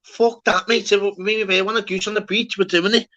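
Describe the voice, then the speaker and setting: A brash man hosts a loose livestream chat, swearing freely and dropping "lad" into every sentence. His voice has a bright, forceful edge. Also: high-pitched, steady tone, fairly quick. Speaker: livestream host. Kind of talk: casual chat.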